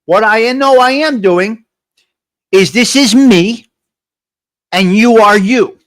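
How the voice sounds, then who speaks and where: A high-voiced man hosts a live morning coffee stream and talks straight to his viewers, repeating his points in a motivational tone. He reads out the names and answers of people in the chat. He is close on the mic and sounds dry, with no room around him. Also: slow, a bit bright, dry recording. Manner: motivational, repetitive, addresses viewers directly. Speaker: livestream host. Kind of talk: casual live morning chat, reading chat comments.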